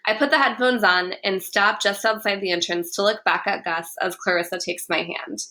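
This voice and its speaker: A woman reading a young-adult novel aloud in first person, in a clear, even storytelling manner. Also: medium pitch, normal speed. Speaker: audiobook narrator. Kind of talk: first-person audiobook narration.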